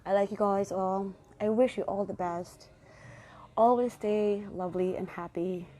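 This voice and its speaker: A woman's voice: medium pitch, steady tone, measured pace, warm tone. A woman hosting her own podcast, talking casually and affectionately to her listeners with pep-talk encouragement. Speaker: podcast host. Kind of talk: casual solo podcast monologue.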